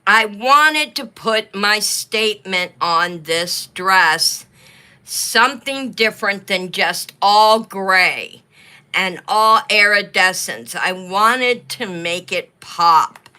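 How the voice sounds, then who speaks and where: A woman hosts a craft livestream with a bright, clear voice, talking slowly as she beads. She speaks chattily to her viewers and has the hiccups. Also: medium pitch, lively intonation. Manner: chatty, talks to viewers while beading. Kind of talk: casual livestream craft talk.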